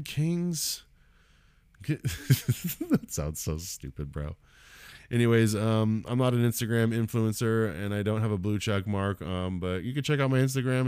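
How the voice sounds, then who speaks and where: The voice is a man's, on the low side, a little mellow and smooth, captured dry with clean studio sound. As a podcast host and stand-up comic, he rambles through a casual solo monologue, cursing heavily and poking fun at himself.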